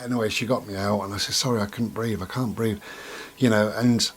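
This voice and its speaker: A man with a low, husky voice talks through a personal story in an easy vlog manner. He rambles and circles back, with plenty of ums and asides. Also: steady tone, brisk. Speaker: vlogger.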